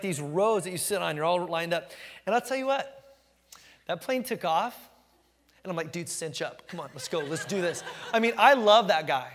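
A middle-aged man preaching a sermon as pastor, telling stories with animated energy and slowing down to stress key phrases. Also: high voice, big-room sound. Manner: animated storytelling, emphatic, slows down to stress phrases.

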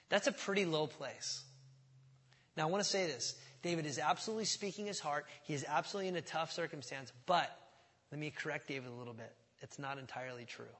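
A man's voice: a little high, fairly bright tone. A middle-aged man preaching a sermon as pastor, impassioned and often rising to emphatic outbursts.

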